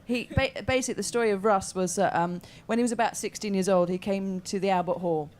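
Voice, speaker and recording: Woman, interview guest, mid pitch, chatty, amused storyteller. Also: quick pace, a little mellow. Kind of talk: anecdotal interview chat.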